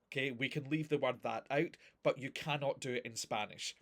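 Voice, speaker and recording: A man's voice: mid-range voice, normal speed, few pauses, fairly bright tone. A man teaching a recorded grammar lesson, explaining patiently with examples and checking understanding often. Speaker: language teacher.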